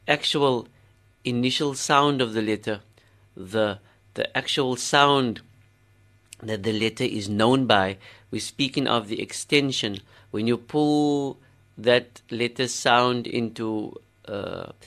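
A man teaching letter pronunciation on radio, drilling each sound slowly and drawing it out. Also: medium pitch, a bit bright. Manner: slow, drawn-out letter-by-letter drilling. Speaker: Quran recitation teacher. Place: radio studio.

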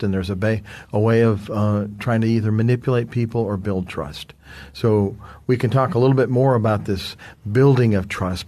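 Low-voiced man explaining point by point. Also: darkish tone. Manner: methodical, lays out numbered points and quotes scripture. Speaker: guest speaker on leadership. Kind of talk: earnest explanatory talk.

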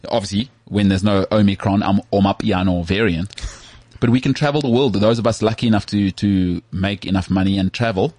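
A man with a lowish voice co-hosts a sports podcast, talking a little fast as he tells jokey stories in casual chat. He's animated, laughs often, and keeps saying "mate," and there's no room sound.

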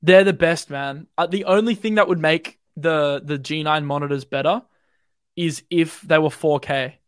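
A man's voice: a little high, no room sound, clean studio sound. A young Australian man streaming live, rambling casually with lots of fillers while walking through trading charts. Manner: relaxed, rambling, quick and slangy with many fillers. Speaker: crypto streamer.

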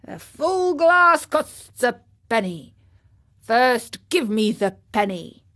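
A woman reading aloud and voicing a firm, businesslike older male farmer who speaks slowly. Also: a little high, sing-song, fairly bright tone, full character voice. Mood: stern. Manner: slow, firm, bargaining.

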